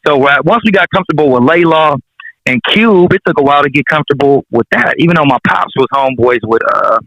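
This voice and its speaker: A man's voice: fairly high pitch, animated, quick pace, vocal fry, fairly bright tone, no echo. A man, a rapper guest telling stories in a casual interview, slangy and profane, chuckling as he goes. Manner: laid-back, slangy and profane, chuckling through anecdotes. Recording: dull, dry sound.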